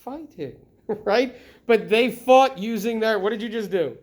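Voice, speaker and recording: A middle-aged man teaching a history lesson in a classroom, lively and constantly checking in with the students by asking questions. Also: high-pitched, measured pace. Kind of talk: classroom lecture.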